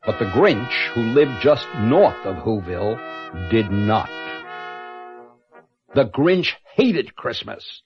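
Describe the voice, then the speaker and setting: Older guy reading a rhymey kids story, slow and playful, muffled old tape with brass music. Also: fairly low pitch, lively intonation. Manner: rhythmic, playful, swelling on repeats. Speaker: narrator. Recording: dull lo-fi cassette with music.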